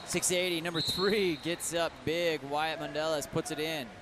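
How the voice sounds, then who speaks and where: Male play-by-play commentator, slightly high voice, brisk, shouts the big plays, loud noisy venue. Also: fairly even intonation. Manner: brisk, calls plays with sudden raised bursts. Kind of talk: live sports commentary. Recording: loud background noise.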